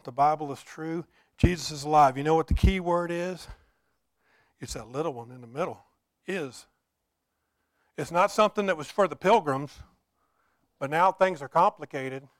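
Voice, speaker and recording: A man preaching a sermon, at times quiet and at times building to emphatic, repeated declarations. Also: on the high side, dry recording. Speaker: pastor.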